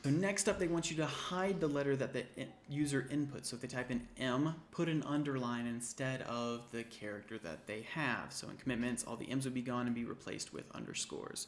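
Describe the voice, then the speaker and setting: A man's voice: medium pitch, a little fast, hardly any pauses, a little hiss or hum. A man tutoring an intro programming class, casually thinking aloud and correcting himself as he types through a coding walkthrough. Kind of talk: screen-recorded coding walkthrough. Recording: typing and keyboard clicks behind.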